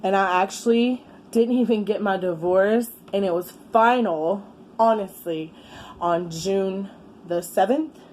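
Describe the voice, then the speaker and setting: A woman's voice: medium pitch, a little slow, darkish tone, low-quality recording. A woman in her thirties telling a long, rambling story to her viewers, candid and full of swearing and fillers. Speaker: vlogger. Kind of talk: casual story time while eating. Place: indoors with a fan running. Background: faint fan hum.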